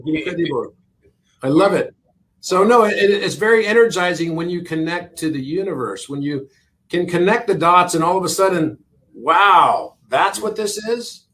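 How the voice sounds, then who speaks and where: High-voiced middle-aged man, eager explainer, emphatic repeats, casual podcast chat. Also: a little fast, fairly bright tone. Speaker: podcast guest. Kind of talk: casual conversation.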